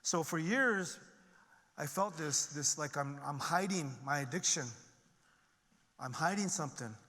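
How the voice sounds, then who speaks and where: A man's voice: measured pace, sharp tone. Earnest man speaking in a big echoing hall. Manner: earnest and emphatic, climbing in pitch and volume when stirred. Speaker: conference speaker. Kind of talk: personal recovery testimony to an audience. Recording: long reverb of a large hall.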